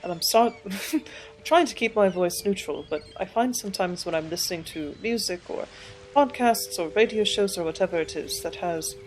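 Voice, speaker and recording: A woman's voice: fairly low pitch, brisk, darkish tone, a little hiss or hum. A woman hosting a game playthrough, chatting and giggling as she thinks aloud. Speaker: gaming channel host. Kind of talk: let's play commentary. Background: faint game music.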